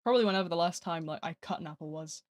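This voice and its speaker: A man's voice: on the high side, racing, no room sound. A man streaming a video game, chatting casually with viewers in a playful, joking way with mock-dramatic outbursts. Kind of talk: casual live-stream chat while gaming.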